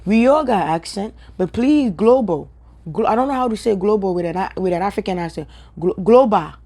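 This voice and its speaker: A woman with a Ghanaian accent speaks straight to her viewers in an emphatic, repetitive rant. Her voice is mellow and warm, and she drives each point home by saying it again. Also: mid-range voice, lively intonation, a little fast. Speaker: social media commentator. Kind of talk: direct-to-camera opinion rant.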